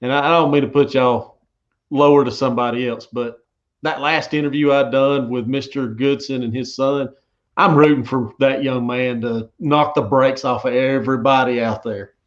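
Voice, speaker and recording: A man hosting a live fishing interview show, talking in a relaxed, folksy way. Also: medium pitch, normal speed. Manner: relaxed, folksy, repeats himself. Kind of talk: casual live-stream interview. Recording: dull lo-fi stream audio.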